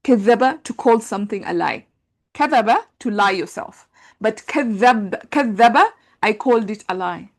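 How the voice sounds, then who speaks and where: Lady teacher explaining grammar, kinda gravelly, lots of ums and uhs while she thinks. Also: medium pitch, lively intonation, normal speed. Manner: explains patiently, thinks aloud with many fillers; reads translations aloud and compares them. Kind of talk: conversational class lecture.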